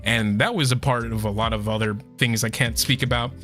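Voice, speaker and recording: A man streaming a casual chat, excitable and swearing often, his voice going hoarse. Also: mid-range voice, fairly quick, soft background music.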